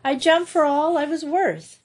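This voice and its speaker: A woman reading aloud, voicing a lively, boisterous schoolgirl in an eager, excitable way. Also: sits high, measured pace, pitched above the performer's own voice.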